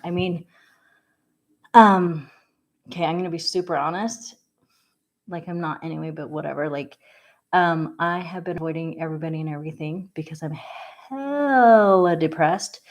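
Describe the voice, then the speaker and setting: A woman vlogger talking casually and candidly, rambling with fillers and soft laughs. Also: lowish voice. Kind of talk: candid casual vlog talk.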